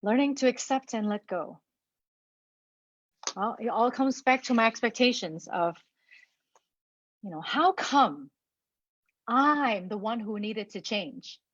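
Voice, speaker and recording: A woman giving a personal talk, halting and repeating words, holding back tears. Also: a little high, lively intonation, no room sound, highs cut off. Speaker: speaker.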